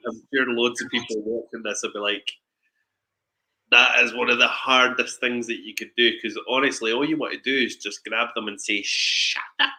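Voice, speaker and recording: A man hosts a casual podcast chat with a very bright, sharp-edged tone. He talks loosely and chattily, tripping over and restarting his words as he goes. His pitch sits around the middle for a man. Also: steady tone, brisk. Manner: chatty, stumbles and restarts often. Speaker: podcast host.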